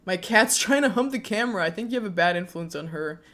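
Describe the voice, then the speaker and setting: A woman in her twenties chatting casually with her viewers as a streamer, talking warmly and laughing often. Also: lowish voice, expressive, fast. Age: 20s. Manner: chatty, frequent laughs, speaks warmly to chat.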